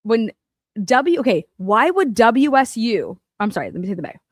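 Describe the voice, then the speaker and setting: A woman giving casual true-crime commentary as she reads through documents, excitable and profane, swinging between low muttering and loud exclamations. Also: normal speed, no echo, clean studio sound.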